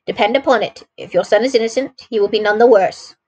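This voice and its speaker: A woman's voice: mid-range voice, fast talker, a little mellow, slightly rough, close to an everyday voice. A woman reading the part of a proud, talkative male police detective who eagerly recounts his own clever work. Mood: telling.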